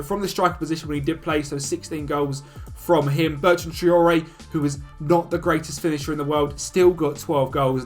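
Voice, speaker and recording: Male video host, casual commentary, chatty and upbeat, slightly high voice. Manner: chatty, upbeat, talks fast through stats. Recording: faint music behind.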